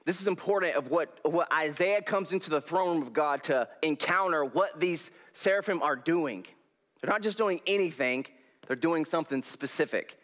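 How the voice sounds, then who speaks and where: A young male preacher, giving a folksy, animated sermon in a church hall on a headset mic and laughing often. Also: on the high side, moderate pace.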